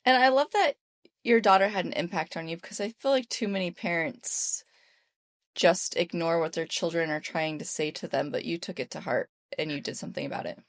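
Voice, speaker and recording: A woman's voice: lowish voice, fairly quick, no room sound, clean studio sound. A woman in her thirties hosting an interview, asking questions in an encouraging, affirming way. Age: 30s. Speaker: interview host, sober coach.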